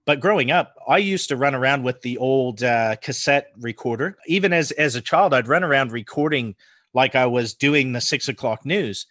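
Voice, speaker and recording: A man in his forties from the United States with an American accent softened by New Zealand, chatting casually as a podcast guest and laughing often. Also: medium pitch, normal speed, dry recording, clean studio sound. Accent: American with New Zealand influence. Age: 40s. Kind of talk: casual chat.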